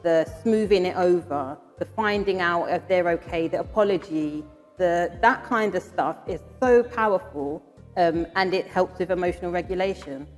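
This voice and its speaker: A woman therapist and parenting coach, a guest, who explains ideas step by step in a measured way. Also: fairly low pitch. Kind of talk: explanatory interview talk. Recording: long hall reverb with faint music.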